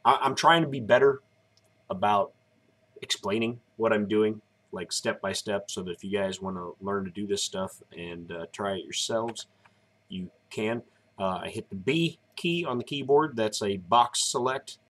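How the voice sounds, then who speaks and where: A man's voice: fairly low pitch, moderate pace, a bit bright. A tired man in his thirties chatting casually on a live stream, rambling as he explains each step. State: tired, yawning.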